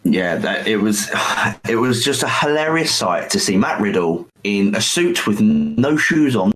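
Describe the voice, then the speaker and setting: A man hosting a podcast in casual chat, chatty and self-mocking with quick asides. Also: fairly low pitch, big pitch swings, a bit bright, poor audio. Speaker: podcast host.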